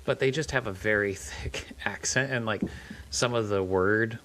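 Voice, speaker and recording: Low-voiced man chatting offhand. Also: moderate pace, a bit bright. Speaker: podcast co-host. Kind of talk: casual chat.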